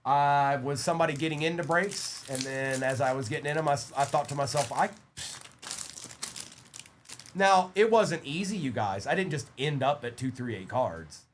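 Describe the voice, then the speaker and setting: A man's voice: fairly high pitch, normal speed, slight background noise. Upbeat card-break host, a man. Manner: upbeat, chatty, rattles off player names while opening packs. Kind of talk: live-stream card break commentary.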